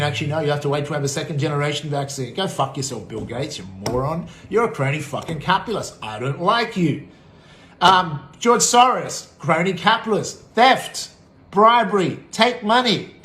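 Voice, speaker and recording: A man's voice: a little high, animated, moderate pace, a little hiss or hum. Profane, combative Australian man in an echoey room. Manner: profane, combative, swinging between shouting and muttering. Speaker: vlogger. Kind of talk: angry political rant.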